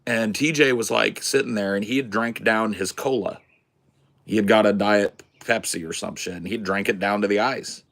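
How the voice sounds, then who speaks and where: Profane storytelling man, lowish voice. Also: moderate pace, creaky. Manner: animated, profane, swears freely. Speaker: podcast host. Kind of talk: casual storytelling.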